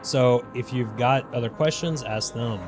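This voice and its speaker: A man voicing a gruff, scornful gate guard in a video game, with a sardonic drawl. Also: mid-range voice, a little slow, over music, close to an everyday voice.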